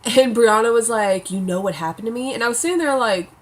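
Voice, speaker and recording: A woman's voice: a little high, fast talker. A young woman chatting casually at home, reviewing a TV episode, saying "like" a lot and swearing now and then. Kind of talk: casual chat.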